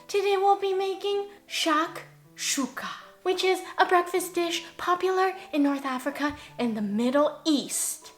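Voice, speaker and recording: Woman, cooking host, bright high voice, joking and playful, light music underneath. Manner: playful and jokey, with sing-song asides. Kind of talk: casual cooking narration.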